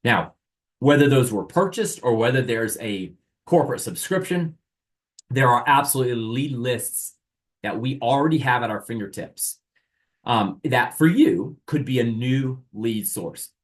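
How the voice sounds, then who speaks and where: A man's voice: medium pitch, expressive, measured pace. A man teaching an online sales training, speaking energetically straight to his audience and often asking rhetorical questions. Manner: asks rhetorical questions and plays both sides.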